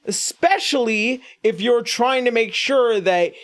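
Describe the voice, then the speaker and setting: A man delivers a comedic commentary rant. He swears constantly and is sarcastic, often restarting his sentences mid-thought. His pitch is mid-range and unremarkable. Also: a bit bright. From United States. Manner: crude, profane, sarcastic, halting restarts. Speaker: YouTube commentator.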